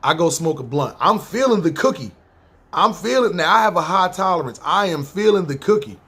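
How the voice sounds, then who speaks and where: A man with a New York accent tells a story from his own life in a relaxed, foul-mouthed style. His voice sits a bit high for a man and has a husky grain. He slips into quick impressions of the people in the story and keeps coming back to the same catchphrases. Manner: profane, laid-back, repeats catchphrases, acts out quotes. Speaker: podcast storyteller. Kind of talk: casual spoken storytelling.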